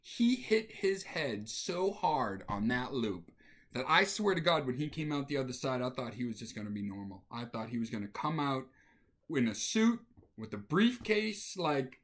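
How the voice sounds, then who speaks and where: A man's voice: mid-range voice, normal speed. A man telling a casual anecdote, acting out the scenes with voices. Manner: animated, acts out scenes with voices. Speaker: storyteller.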